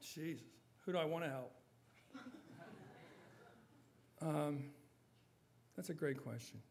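A man answering audience questions at a forum, emphatic and animated, quick to joke. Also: on the high side, a little hiss or hum. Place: university forum hall.

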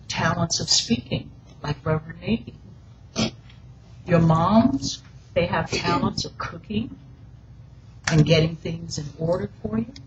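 A woman giving a gentle, coaxing children's message in a church service. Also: mid-range voice, muffled recording, background noise. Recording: echoey hall with music.

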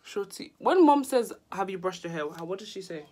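A woman's voice: mid-range voice, expressive, fairly quick, darkish tone, slight background noise. A young woman, laughing often as she talks through a makeup tutorial in a casual vlog. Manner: giggly, mixes Yoruba and English. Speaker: vlogger.

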